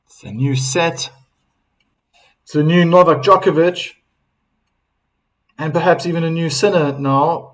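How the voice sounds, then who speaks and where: A man calling a tennis match live on a stream, chatty and relaxed, reading out viewer comments and laughing now and then. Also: on the high side, unhurried, pauses often, low-quality recording. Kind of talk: casual live play-by-play commentary.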